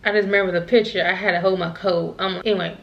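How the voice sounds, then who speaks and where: A woman's voice: fairly low pitch, fairly even intonation, fast, creaky, lo-fi sound. A young woman vlogger telling a casual storytime, rambling and repeating herself, laughing at herself now and then.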